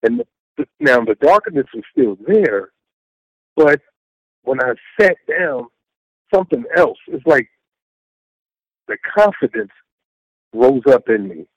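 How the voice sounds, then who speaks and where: A man's voice: medium pitch, big pitch swings, slow, long pauses, no echo, lo-fi sound. A middle-aged man recounting his faith testimony as an interview guest, telling it earnestly with lots of repetition and acting out what he said. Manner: earnest, repetitive storytelling with acted-out self-quotes.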